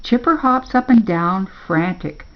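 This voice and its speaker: Older lady reading a kids' story real slow, gravelly voice, dull lo-fi sound. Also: medium pitch, expressive. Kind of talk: reading a children's story aloud.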